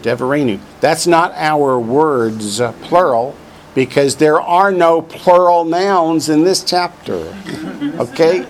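A man's voice: a little high, takes it slowly. A man teaching a class from a textbook, drilling vocabulary and adding dry joking asides. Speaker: Hebrew teacher. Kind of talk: classroom lesson, reading from a textbook.

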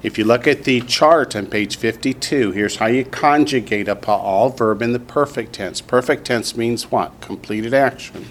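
A man with a Southern US accent teaching a language class in a classroom, drilling students slowly and patiently. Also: medium pitch, slight background noise. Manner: slow, patient drilling with repetition. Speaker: Hebrew teacher.

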